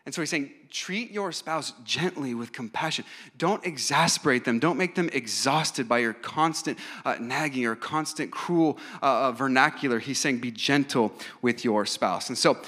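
A man's voice: medium pitch, normal speed, bright, forceful tone. A man in his thirties preaching a sermon in an earnest, emphatic way, with frequent fillers and restarts. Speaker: pastor.

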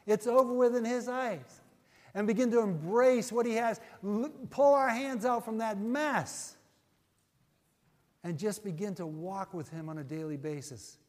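A male pastor preaching a sermon and leading an altar-call prayer, earnest and folksy, repeating his phrases and dropping to a hush as he prays. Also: sits high, measured pace, in a large hall. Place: church sanctuary.

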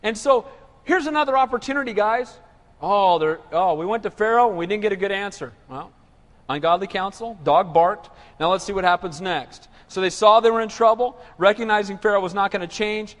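High-voiced preacher in a reverberant hall. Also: male voice, fairly quick. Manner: animated, call-and-response preaching. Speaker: pastor. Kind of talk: sermon.

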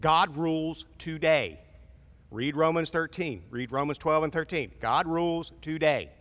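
A man's voice: fairly high pitch, measured pace, a bit bright. A pastor preaching a sermon in a casual, conversational way, acting out voices as he goes. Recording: long reverb of a large hall.

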